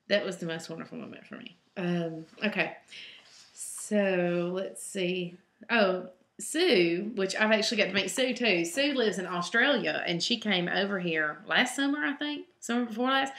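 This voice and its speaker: A woman's voice: fairly low pitch, vocal fry, a bit bright. A woman with a Southern US accent, a home cook chatting loosely through reader questions, full of ums and side trips. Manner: chatty and rambling, with many ums. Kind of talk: casual question-and-answer vlog. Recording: roomy echo.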